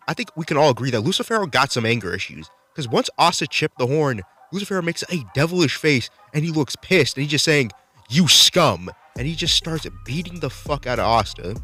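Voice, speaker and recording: A man's voice: medium pitch, a bit bright. A man casually reviewing a manga chapter, swearing freely as he recaps the fights. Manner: laid-back, profane, enthusiastic recapping. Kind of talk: casual video commentary.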